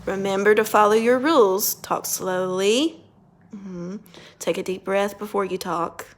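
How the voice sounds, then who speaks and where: A woman speech therapist guiding a child through a lesson, speaking slowly and deliberately and praising gently. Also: mid-range voice, steady tone.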